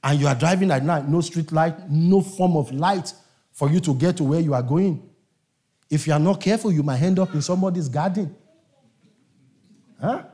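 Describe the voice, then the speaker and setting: A man's voice: a little high, normal speed, pauses often, dark tone. A man preaching a sermon to a congregation, emphatic and repetitive, calling on his listeners to answer.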